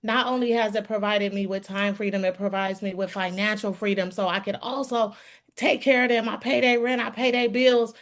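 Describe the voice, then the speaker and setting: A woman's voice: medium pitch, steady tone, fairly quick. A middle-aged woman giving a heartfelt testimonial to a team call, addressing listeners as "y'all.". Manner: earnest, calls listeners y'all.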